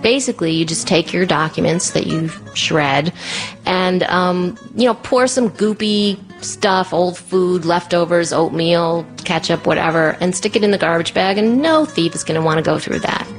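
A woman telling a personal story in a chatty way, full of "like" and "you know", jumping up high when she acts out voices. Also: moderate pace, faint music behind. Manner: lively, acts out quoted voices in a much higher pitch.

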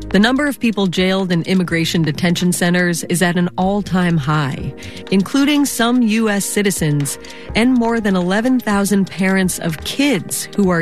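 A woman reporter reading scripted news narration in a measured, clear way. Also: on the low side. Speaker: radio reporter.

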